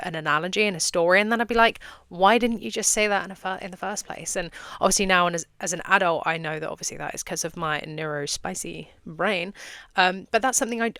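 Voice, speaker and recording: A young woman talks through her podcast in a loose, chatty monologue, cursing casually and laughing as she acts out little scenes. Her voice sits on the low side and sounds smooth and clear. The recording is close and dry. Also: bright, forceful tone, dry recording. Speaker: podcast host and business coach.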